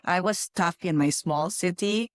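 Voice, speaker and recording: A woman's voice: on the low side, unhurried, no room sound, studio quality. A woman from the Philippines co-hosting a casual podcast chat, talking thoughtfully with frequent restarts. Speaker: podcast co-host.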